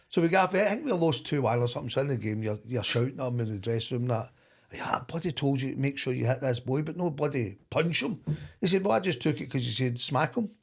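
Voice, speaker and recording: A middle-aged Scottish man, a former football manager, telling stories in a lively way with frequent laughs. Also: mid-range voice, quick pace, creaky, breathy edge. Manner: animated, laughing anecdote-teller. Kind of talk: storytelling in podcast chat.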